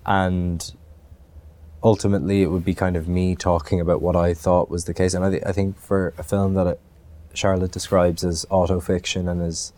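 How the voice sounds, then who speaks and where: A man's voice: low voice, little pitch movement, moderate pace, mellow. A man from Ireland, an actor, answering interview questions in a thoughtful way, with many restarts and fillers.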